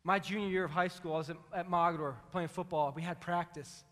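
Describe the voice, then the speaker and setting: A man preaching a sermon in a large church hall, telling stories in an animated, conversational way and acting out quotes. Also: sits high, brisk. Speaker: pastor. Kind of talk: storytelling sermon.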